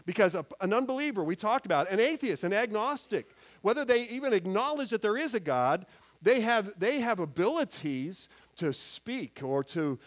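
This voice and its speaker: A man with a notably high-pitched voice delivers a sermon from the pulpit. He preaches earnestly and conversationally, often stopping and restarting his phrases as he works through his point. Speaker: pastor.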